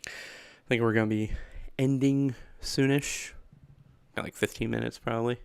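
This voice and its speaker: A man's voice: medium pitch, fairly even intonation, normal speed, gravelly, clean tone, no echo. A man chatting casually on a livestream, rambling and laughing often from a small room. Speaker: streamer.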